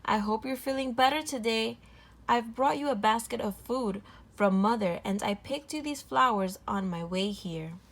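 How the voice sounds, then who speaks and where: A woman voicing a sweet, polite little girl in a red hood, high and slow. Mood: cheerful. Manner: high, slow and wide-eyed.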